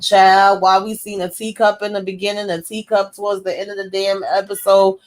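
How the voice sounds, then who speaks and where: A woman's voice: mid-range voice, moderate pace. Slangy, profane woman recapping a TV show. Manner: animated, slangy and profane, acts out characters' lines. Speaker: TV series recap host. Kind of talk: casual TV episode recap.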